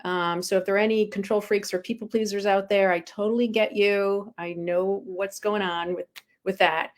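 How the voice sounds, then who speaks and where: A spiritual coach appearing as a guest tells her own past candidly and conversationally, without polish. She's frank and self-deprecating, filling pauses with frequent ums, and her typical mid-range pitch stays fairly even.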